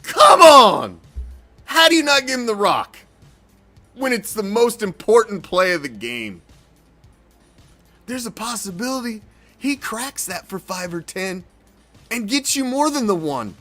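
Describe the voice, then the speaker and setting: A man's voice: high-pitched, big pitch swings, a little slow, long pauses, fairly bright tone, faint music behind. A man hosting a sports fan show, ranting heatedly and swearing in an exasperated way. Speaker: sports podcast host. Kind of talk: profane fan reaction rant.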